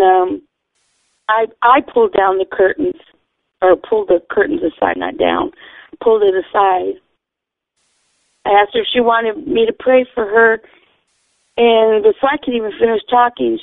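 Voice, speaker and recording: A woman's voice: on the high side, vocal fry, no echo. A woman telling a personal faith testimony in an earnest, rambling way, often correcting herself. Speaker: storyteller. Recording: tinny phone-like radio sound.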